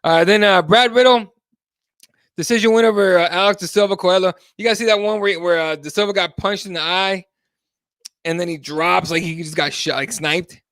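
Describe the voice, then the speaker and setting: A man's voice: high-pitched, normal speed, fairly bright tone, dry recording, clean studio sound. A man hosting a live MMA talk show, chatting casually and animatedly, swearing freely and reading viewer comments aloud. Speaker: host.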